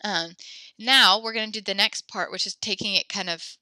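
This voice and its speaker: A woman's voice: medium pitch, steady tone, normal speed, pushed and bright, dry recording, clean studio sound. A woman teaching an online class, talking casually, correcting herself and encouraging her students. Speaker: French teacher.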